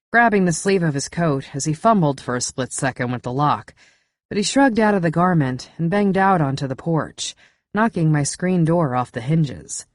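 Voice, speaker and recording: A woman narrates a first-person thriller audiobook in a low, measured, intimate voice. She is close on a studio mic. The sound is dry, with no room in it. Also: darkish tone, dry recording.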